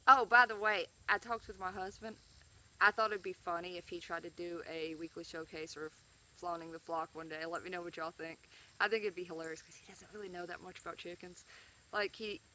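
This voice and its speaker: A woman's voice: lowish voice, fairly even intonation, a little fast, bright, forceful tone, far from the mic, a little hiss or hum. A woman chatting casually to camera about her chickens, rambling with fillers and restarts. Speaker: backyard chicken keeper vlogger. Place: outdoors by a chicken coop.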